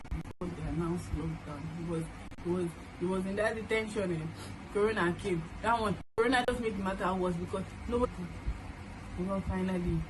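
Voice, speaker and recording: A young woman in her twenties with a Nigerian accent, telling a personal family story to the camera in a halting, earnest way with many restarts. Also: fairly low pitch. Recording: noisy room ambience.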